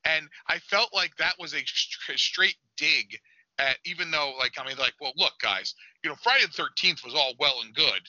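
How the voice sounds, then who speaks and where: A man co-hosting a podcast who jumps into lively tangents and film anecdotes. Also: fairly high pitch, moderate pace, dry recording, muffled recording. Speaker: podcast co-host. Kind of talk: casual film discussion.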